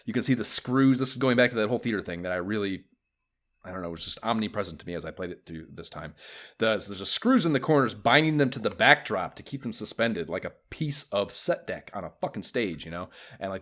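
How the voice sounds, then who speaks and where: Man, podcast co-host, casual game talk, lively swooping pitch, swears a lot, laughs often. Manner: excitable, swears freely, laughs often, trails off. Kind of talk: casual chat about retro video games.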